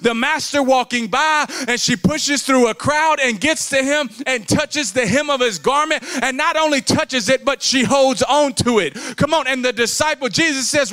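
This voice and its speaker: A man preaching a sermon as a guest speaker, emphatic and fervent, often saying "come on" and sometimes dropping to a quiet, low voice. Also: clean tone. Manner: drops to a low, quiet voice in long passages.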